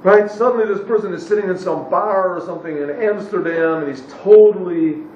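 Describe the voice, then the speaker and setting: A man teaching a class, translating a text phrase by phrase into English and pausing often to search for the right word. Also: sits high, darkish tone, a little hiss or hum. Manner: pauses to search for English words. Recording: echoey, distant, dull lo-fi room recording.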